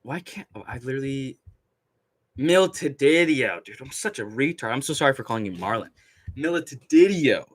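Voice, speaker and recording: Reading chat on a casual livestream, a young man rants and rambles, swearing constantly and laughing a lot. He has a medium-pitched, sharp-toned voice in a dry recording.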